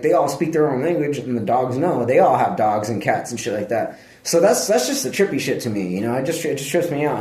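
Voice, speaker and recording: A man's voice: mid-range voice, warm tone. A man vlogging in casual, rambling talk, laid-back and profane, laughing often. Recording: echoey room.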